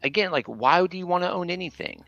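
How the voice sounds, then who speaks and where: A man's voice: sits high, fast talker, a bit bright, no room sound, muffled recording. Profane, rambling man on a call. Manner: loose, profane, lots of fillers and restarts. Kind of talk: casual chat. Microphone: remote call mic.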